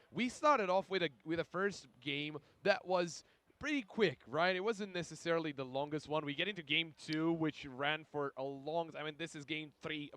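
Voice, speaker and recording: A male esports co-commentator chatting casually beside the main caster, relaxed and quick to agree. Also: a little high. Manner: relaxed, reacts with short agreements. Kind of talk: casual analyst chat.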